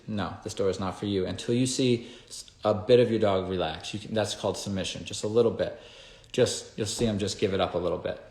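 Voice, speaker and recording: A man with a fairly low voice teaching dog training in an emphatic, casual way. He keeps turning to the listener with quick "okay?" and "right?" check-ins. His voice rings around an echoey room. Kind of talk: casual instructional talk.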